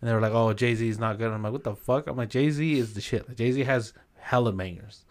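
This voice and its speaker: A man's voice: medium pitch, fairly quick. A man chatting casually on a podcast, laid-back and slangy with plenty of swearing. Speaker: podcast co-host. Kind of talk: casual chat.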